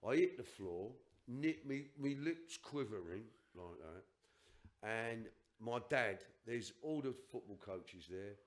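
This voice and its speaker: A man's voice: fairly low pitch, expressive, slow. An older man on a podcast, telling a personal story in an emphatic, rambling way with restarts and asides. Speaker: podcast guest.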